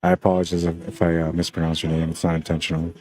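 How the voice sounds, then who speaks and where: A man's voice: deep voice, monotone, fast, a little mellow. A man from Canada with a Spanish accent, giving laid-back, chatty live-stream commentary on a pool match and talking viewers through the shots.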